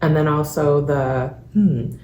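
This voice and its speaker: A woman's voice: low voice, fairly even intonation, slow pace, mellow. A woman hosting a podcast interview, telling stories in a chatty way and acting out the people she quotes. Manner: chatty storyteller, acts out quoted voices. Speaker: podcast host and founder. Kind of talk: casual interview chat. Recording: echoey room with faint background noise.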